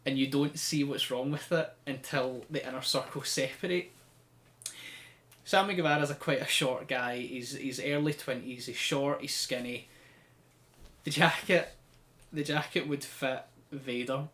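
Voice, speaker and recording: A man's voice: medium pitch, a little slow. A man, hosting a podcast and chatting animatedly while recapping wrestling. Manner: animated storyteller, acts out quotes. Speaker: podcast host. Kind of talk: casual chat recapping wrestling.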